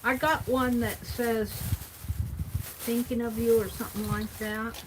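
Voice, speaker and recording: A woman vlogger casually chatting through her craft supply haul and tallying up prices out loud as she thinks. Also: fairly high pitch, level tone, a little slow, noisy background.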